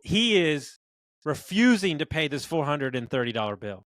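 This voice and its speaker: Brief: upbeat business-owner guest, slightly high voice, spins animated stories, cusses freely, dry close sound. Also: male voice, moderate pace, no room sound. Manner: animated, swears, acts out dialogue in stories. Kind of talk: casual interview storytelling.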